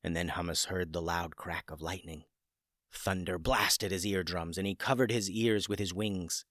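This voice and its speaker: Man with a low voice narrating a children's story. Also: fairly even intonation, normal speed, fairly bright tone, no room sound, studio quality.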